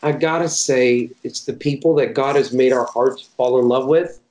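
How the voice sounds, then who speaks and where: A man's voice: mid-range voice, normal speed, a little mellow. A middle-aged man tells his story in an interview, chatty and folksy, often circling back to restart a phrase. His voice sits in the middle of the male range. The recording carries a noticeable roomy echo. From Chattanooga, Tennessee, USA. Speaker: missionary.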